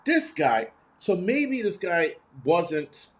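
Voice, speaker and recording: Man, show host, casual monologue, blunt and cussing, slightly high voice. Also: takes it slowly. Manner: blunt, profane, animated storytelling.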